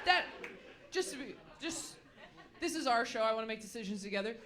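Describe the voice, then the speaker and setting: A woman in her thirties doing stand-up crowd work, teasing audience members with sarcastic rapid-fire questions. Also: a little high, lively intonation. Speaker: stand-up comedian. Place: live comedy stage with a laughing crowd. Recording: echoey venue, loud crowd laughter.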